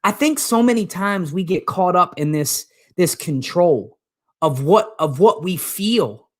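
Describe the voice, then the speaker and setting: A man's voice: sits high, expressive, measured pace. A man coaching his audience in an earnest, emphatic live talk, often repeating his phrases for effect. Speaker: motivational coach. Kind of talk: live-streamed motivational talk.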